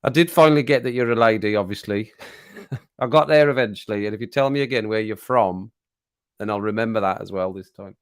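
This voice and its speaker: A man's voice: lowish voice, fairly quick, clear, resonant tone. Brummie bloke rambling on his stream, cracking jokes and chuckling, middle-aged. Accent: Birmingham. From England. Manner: jokey, rambling, chuckles often. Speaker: livestream host. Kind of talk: casual chat to live chat.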